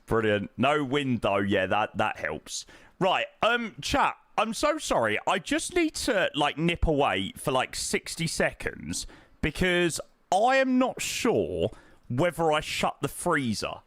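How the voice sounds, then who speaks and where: A man's voice: on the high side, huge pitch swings, takes it slowly, a bit bright, no room sound, clean studio sound. A young man streams from home, chatting casually and thanking viewers in a self-deprecating way. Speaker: flight simulator streamer. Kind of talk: casual live-stream chat.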